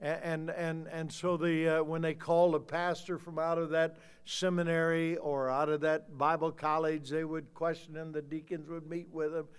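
Fiery older preacher, high voice. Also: male voice, level tone, normal speed, hardly any pauses, clean tone. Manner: swings from low muttering to loud shouting. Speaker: pastor. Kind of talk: fiery sermon.

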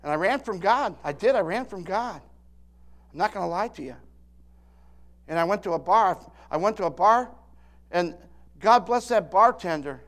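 A man's voice: sits high, lively intonation, moderate pace, pauses often, fairly bright tone. A man in his sixties preaches with emphatic force. He restarts and repeats his words often as he goes. He keeps calling out to his listeners for a response. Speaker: pastor. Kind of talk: sermon.

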